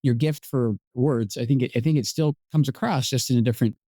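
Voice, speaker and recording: A middle-aged man originally from Scotland leads a podcast conversation at a brisk clip. His voice is mellow and warm, and his tone is reflective and modestly self-deprecating. The sound is dry and close. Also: mid-range voice, no room sound. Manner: fast, thoughtful and self-deprecating. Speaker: podcast host. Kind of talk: conversational interview.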